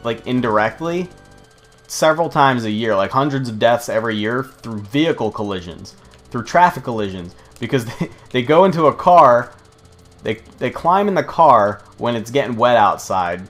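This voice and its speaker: A man's voice: mid-range voice, expressive, normal speed, fairly bright tone, faint music behind. A young man rambling and swearing freely while commenting on his gameplay. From United States. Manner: rambling, profane, chatty. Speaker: let's play host.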